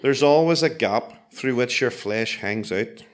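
A man telling a comic personal story with dry, self-mocking, deadpan asides. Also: mid-range voice, measured pace.

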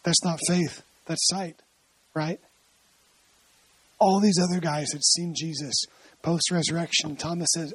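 A preacher with a husky voice delivers a casual, storytelling sermon and keeps checking in with the listener through rhetorical questions. The sound is dry and close, with no room echo. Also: mid-range voice, fairly even intonation, unhurried, pauses often. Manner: asks frequent rhetorical questions; explains scripture in a chatty, storytelling way. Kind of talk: conversational sermon.

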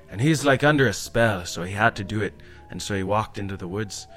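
Man, fairly low voice, casual rambling storytelling, faint music behind. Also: moderate pace, hardly any pauses. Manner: rambling, tags lines with "eh" and "like". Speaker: storyteller guest.

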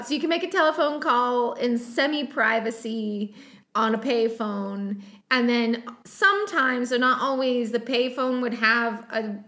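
A woman's voice: fairly high pitch, sharp tone. A woman in her thirties co-hosting a podcast, chatting casually and rambling with lots of likes and ums. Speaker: podcast co-host. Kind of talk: casual chat about a TV episode.

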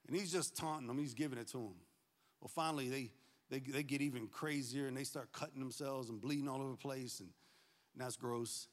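A pastor preaching a sermon, animated and joking, swinging from loud to hushed. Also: male voice, mid-range voice, a little fast, big-room sound.

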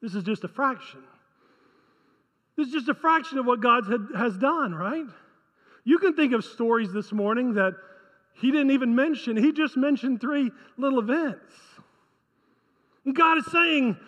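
A man's voice: very high-pitched, animated, moderate pace, pauses often, a bit bright. Man preaching a sermon, conversational, rhetorical questions, echoey hall, dull lo-fi sound. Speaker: pastor.

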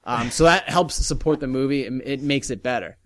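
A man's voice: mid-range voice, fairly quick. A man hosting a casual podcast, rambling and restarting his sentences as he talks about movies and reads sponsor promos. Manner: rambling, self-interrupting, reads promos aloud. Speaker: podcast host. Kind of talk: casual chat.

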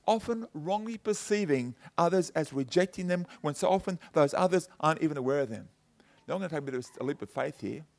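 The voice belongs to a middle-aged male pastor, notably high-pitched yet a little mellow. His conversational sermon wanders through personal stories, held together by repeated "you know" and "okay?" aimed at his congregation.

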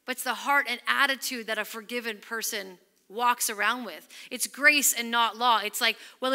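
Bright-voiced woman preaching an earnest sermon. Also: a little high. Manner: earnest, emphatic, drops to near-whisper on scripture. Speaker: pastor.

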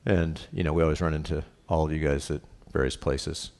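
A middle-aged pastor with a very deep, darkish voice preaches a sermon at a fairly quick pace and a steady tone. He reads scripture and explains it casually, as if in conversation, often checking in with a tag question and poking fun at himself.

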